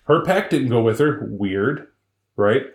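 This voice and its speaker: A podcast co-host tells a story in a casual, lively way, cracking jokes along the way. His voice sits mid-range. The room adds a noticeable echo. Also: mid-range voice, slow. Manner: animated, joking, full of voices.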